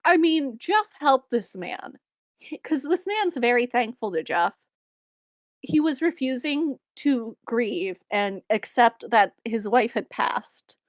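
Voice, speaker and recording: A woman's voice: a little high, lively intonation, slow, no room sound. A young woman co-hosting a podcast, casually recapping a film with wry asides and frequent laughter. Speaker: podcast co-host.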